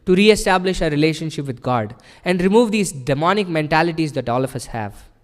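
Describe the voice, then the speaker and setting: Man, temple sermon, fairly high voice, earnest and explanatory, long echoing hall. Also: animated, brisk. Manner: earnest, explanatory, with frequent rhetorical "right?". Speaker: temple speaker. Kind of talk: devotional sermon.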